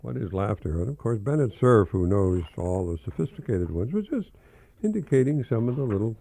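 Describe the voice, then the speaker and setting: An older professor hosting a radio talk, reading children's jokes aloud in a rambling, fond way and chuckling often. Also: male voice, fairly low pitch, big pitch swings, a little fast, gravelly, mellow.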